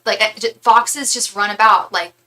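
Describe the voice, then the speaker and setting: A woman's voice: mid-range voice, moderate pace, bright, forceful tone, poor audio. A young woman hosting a livestream, chatting casually with viewers in a gushing way, full of fillers and restarts. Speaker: tarot reader and psychic livestream host. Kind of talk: casual livestream chat reading comments.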